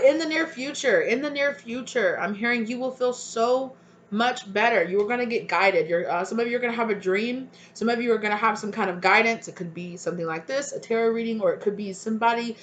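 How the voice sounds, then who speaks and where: A woman's voice: fairly low pitch, lo-fi sound. A woman giving a pick-a-card tarot reading, talking earnestly and emotionally straight to her viewers with spiritual encouragement. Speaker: tarot reader.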